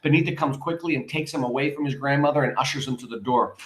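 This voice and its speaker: A male teacher reading a play aloud and explaining it to his students, in an animated way, speaking straight to the class. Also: mid-range voice, fast talker, reverberant.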